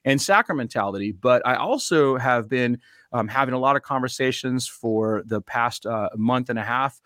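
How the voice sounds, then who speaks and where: A man's voice: mid-range voice, moderate pace, fairly bright tone, dry recording. Chatty man, dry sound. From United States. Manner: rambling, many ums and uhs, friendly. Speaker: podcast host and pastor. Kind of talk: casual podcast interview.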